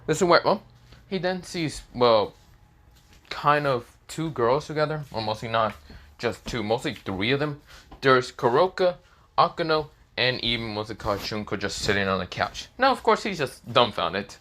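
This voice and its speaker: A man's voice: mid-range voice, sing-song, normal speed, pushed and bright. A man narrating a fan story casually, rambling with many fillers and restarts. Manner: rambling, filler-heavy, hesitant.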